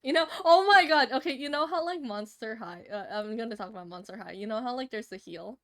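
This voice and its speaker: A woman's voice: medium pitch, expressive, fast. A young woman with a slightly nasal voice, chatting casually with her live-stream chat while drawing a commission and laughing often.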